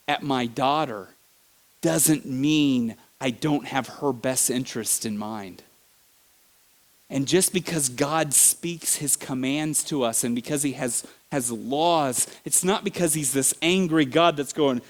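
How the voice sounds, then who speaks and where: A middle-aged man preaching in a church, telling stories with animated bursts, sudden shouts and laughter. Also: fairly high pitch. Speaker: pastor. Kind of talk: sermon.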